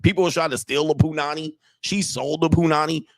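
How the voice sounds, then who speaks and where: A dating and relationship coach streams live, delivering a casual monologue in a somewhat high, fairly even voice at a brisk clip. He's blunt and profane, repeats himself, and dares his audience to disagree, asking them to agree with him. The recording is dry and studio quality.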